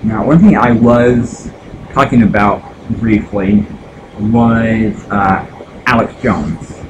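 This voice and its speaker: Slow, rambling man streaming games at home. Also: fairly low pitch, background noise. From United States. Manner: rambling, halting, many fillers and restarts. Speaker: gaming streamer. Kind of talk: casual live-stream chat.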